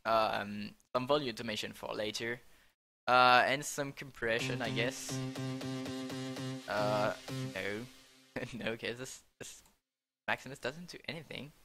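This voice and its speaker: With music in the background, a young man in a mid-range voice talks through building his track. It's a casual screen-recorded tutorial, and he frequently stops to fix what he said, chuckling at his slips.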